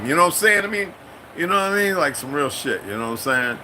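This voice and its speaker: A man's voice: fast, a little hiss or hum, rough recording. Rambling, profane middle-aged man. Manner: animated with sudden high-pitched bursts. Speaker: military veteran vlogger. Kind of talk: casual monologue.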